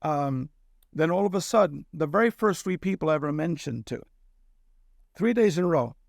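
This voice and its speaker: In a dry, studio-quality recording with no room sound, a middle-aged Cuban man tells a personal story as a guest in casual conversation. His voice is a little high, expressive, and touched with vocal fry, and at a normal pace he earnestly keeps checking in with "okay?".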